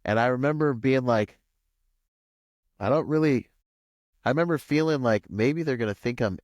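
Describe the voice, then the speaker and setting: A man from Washington State, a podcast guest, telling a long personal story in a rambling, animated way full of "like" and "you know.". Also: moderate pace, no room sound. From Washington State, USA. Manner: acts out quoted voices with pitch jumps. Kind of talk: casual storytelling interview.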